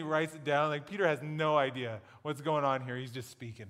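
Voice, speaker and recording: A man with a fairly high voice preaches a sermon, telling the story in a relaxed, playful, conversational way. His voice rings out with a long reverb, as in a large church hall. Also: brisk, few pauses. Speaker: pastor.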